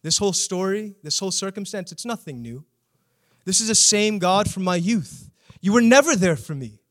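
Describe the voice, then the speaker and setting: A man voicing a desperate, anguished psalmist who pleads with and accuses God, his voice rising to near shouts. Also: sits high, lively intonation, normal speed.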